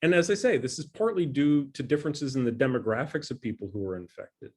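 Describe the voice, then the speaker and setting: A man's voice: medium pitch, lively intonation, fast talker, a little mellow, slightly rough. A middle-aged man, a scientist, giving a conversational and earnest talk from his home dining room over a video call. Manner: conversational, earnest, self-deprecating. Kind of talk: presentation talk.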